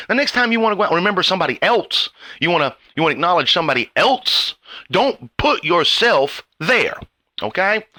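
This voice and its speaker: A man on a profane, sarcastic tirade, his bright, tense voice swinging widely in pitch as he mutters low, then jumps into mocking high outbursts. The sound is close and dry, with no room around it. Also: dry recording. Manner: sarcastic, swears constantly, mocks mimicking voices; bursts from low mutters to sudden high shouts. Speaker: vlogger ranting to viewers. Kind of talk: angry profane rant.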